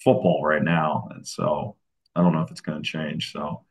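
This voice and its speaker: A man, a college football coach, talking in a casual interview, relaxed and often restarting his sentences. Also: rumbling low, normal speed. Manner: relaxed, many restarts and fillers.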